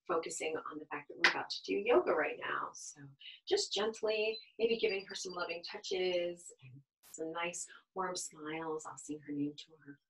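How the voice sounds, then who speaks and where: A woman yoga instructor leading a baby yoga class for caregivers, talking in a gentle, encouraging, reassuring way with small laughs. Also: lowish voice, poor audio. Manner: chatty, with fillers and small laughs.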